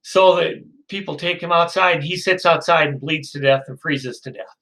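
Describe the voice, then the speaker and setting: A man's voice: a little high, moderate pace, pushed and bright, low-quality recording. A male lecturer telling a story to his class, acting out the characters in quotes, with frequent fillers and restarts. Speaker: psychology lecturer.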